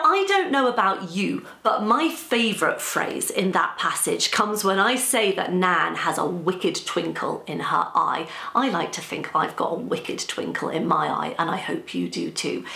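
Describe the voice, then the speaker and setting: A woman reading her story aloud and teaching children about it in a lively, playful way. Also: lowish voice, measured pace, vocal fry, hardly any pauses, echoey room.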